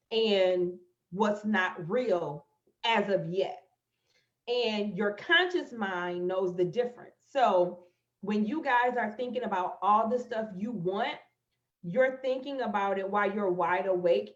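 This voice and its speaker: A woman speaks to her viewers on a live stream, telling a personal story with open emotion and calling them "y'all" as she goes. Her voice sits in the middle of the female range. The sound is roomy, with a lot of echo, and slightly muffled, as from a phone or webcam stream. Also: medium pitch. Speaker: motivational speaker. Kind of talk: livestream talk on manifestation. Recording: echoey, slightly dull live-stream audio.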